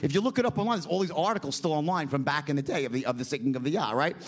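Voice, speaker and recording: A man's voice: fairly high pitch, very fast. A middle-aged American man telling a story in a brash, profane way, punctuating lines with "right?" and "okay?". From United States. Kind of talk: animated storytelling.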